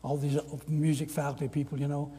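Older preacher telling stories from the pulpit, kinda husky mellow voice, big echoey hall. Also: male voice, a little high, fairly quick. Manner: animated storyteller, acts out quoted voices. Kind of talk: storytelling sermon. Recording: long reverb of a large hall.

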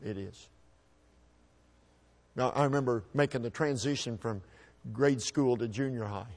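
A man's voice: mid-range voice, a little mellow. Folksy man telling a personal story. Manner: folksy, halting, repeats words while restarting. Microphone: microphone.

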